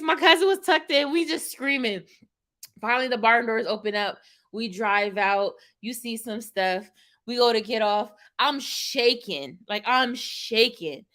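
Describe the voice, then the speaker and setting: A young woman vlogger telling a story casually to her live chat, lively and laughing as she acts out what she said. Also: on the high side, unhurried. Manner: animated, laughing, dramatic retelling with quoted exclamations.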